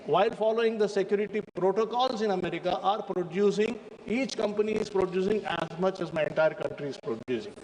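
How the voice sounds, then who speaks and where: A member of parliament with an Indian English accent gives a forceful speech in a large indoor chamber, repeatedly calling the chair "sir." His high, slightly dark voice moves quickly with barely a pause, captured on a reverberant broadcast feed from the chamber.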